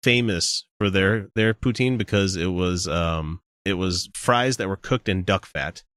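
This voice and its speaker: A man's voice: sits low, unhurried, a bit bright, no room sound, clean studio sound. A man co-hosting a podcast, joking in casual banter and laughing often. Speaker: podcast co-host.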